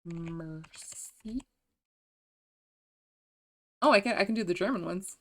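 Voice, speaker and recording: A woman streamer chatting casually with viewers, giggly and self-deprecating, often trying out voice impressions. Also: medium pitch. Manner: giggly, self-deprecating, slow and soft-spoken.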